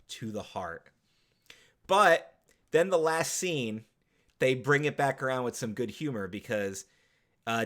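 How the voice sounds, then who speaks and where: A man co-hosting a casual podcast, recapping a film with lots of swearing, laughter and acted-out quotes. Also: on the low side. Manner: animated, swears a lot, acts out movie quotes. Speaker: podcast co-host. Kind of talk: casual chat.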